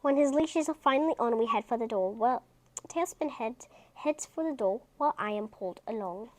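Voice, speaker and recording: High-voiced woman reading a storybook aloud. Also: expressive, fairly quick, a little mellow. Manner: chatty, breaks off into casual asides. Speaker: reader of a children's book. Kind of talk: reading a children's book aloud.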